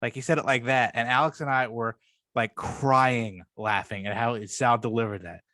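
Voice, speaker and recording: A man co-hosting a casual podcast chat, rambling and swearing freely, sometimes jumping higher to act out quotes. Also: steady tone, moderate pace, bright, forceful tone, dry recording, studio quality. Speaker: podcast co-host.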